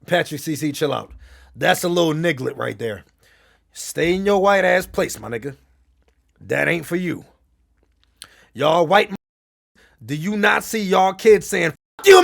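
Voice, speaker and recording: A man's voice: a little high, lively intonation, a little slow, creaky, pauses often, a bit bright. A man streaming, telling blunt, profane stories and answering his chat in heated casual talk. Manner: reads and answers chat messages. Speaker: gaming streamer.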